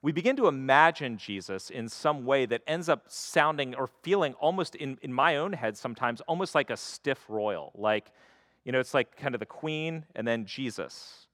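A man's voice: mid-range voice, lively intonation, normal speed, fairly bright tone, no room sound, clean studio sound. A man preaching a sermon in a conversational way, slipping into quoted voices to act out the stories. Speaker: pastor.

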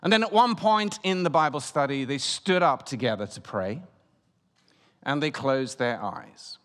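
A man giving a sermon as guest preacher, telling a story and swinging between loud and hushed delivery. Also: mid-range voice, expressive, a little slow. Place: church. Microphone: room microphone. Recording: long church reverb.

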